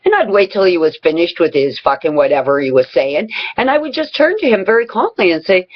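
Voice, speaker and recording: Woman, low-pitched voice, husky, blunt and profane, casual storytelling vlog, muffled lo-fi recording. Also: sing-song, a little fast, hardly any pauses. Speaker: vlogger. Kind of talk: personal storytelling advice vlog. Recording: dull lo-fi recording.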